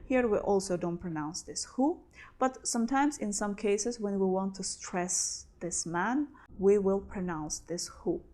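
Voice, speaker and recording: Woman teaching English phrases slowly. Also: mid-range voice, dark tone. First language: non-native English speaker. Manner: slow, careful, repeats example phrases several times. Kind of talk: explanatory language lesson.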